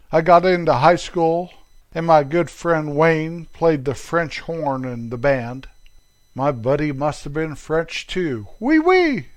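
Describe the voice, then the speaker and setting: Casting: older American man, slow easygoing talker, slightly high voice, playful joking monologue host. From United States. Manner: playful, drops mock French exclamations in a squeaky voice. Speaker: podcast host. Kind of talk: humorous storytelling monologue.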